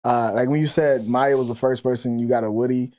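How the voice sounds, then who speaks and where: A man's voice: medium pitch, fairly even intonation, a little fast, warm tone. A man from Minnesota, co-hosting a podcast with candid, rambling banter and laughter. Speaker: podcast co-host.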